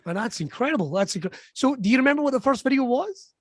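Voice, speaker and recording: High-voiced podcast host, dry sound. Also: male voice, expressive, fast talker, no room sound. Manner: jokey, enthusiastic interjections. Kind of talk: casual podcast interview.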